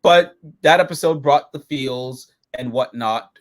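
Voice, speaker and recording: A man co-hosting a casual episode review, profane and excitable, jumping into silly quoted voices. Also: mid-range voice, a little slow.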